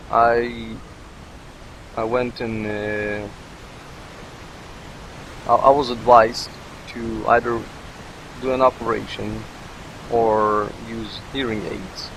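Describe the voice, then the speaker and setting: A man's voice: mid-range voice, fairly even intonation, drawn-out words, pauses often, a bit bright, a little hiss or hum, rough recording. A man who is not a native English speaker, rambling and joking as he comments on his gameplay. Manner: rambling, jokey, talks to himself. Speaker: let's play commentator.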